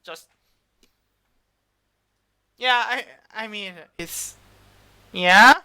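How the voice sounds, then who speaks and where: A man's voice: high-pitched, drawn-out words, sharp tone, clean tone. A man running a tabletop game as game master, rambling with lots of fillers. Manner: rambling, many fillers, laughs easily.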